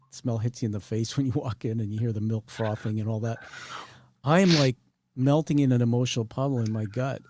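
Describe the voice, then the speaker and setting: A man's voice: mid-range voice, dark tone, no echo. A man hosting an interview, earnestly sharing a personal story with his guest. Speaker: podcast host. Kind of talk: emotional interview conversation.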